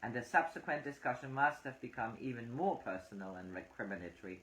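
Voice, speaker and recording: A woman narrating a book aloud as an audiobook reader, in an expressive reading voice. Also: a bass voice, a little fast, reverberant, low-quality recording.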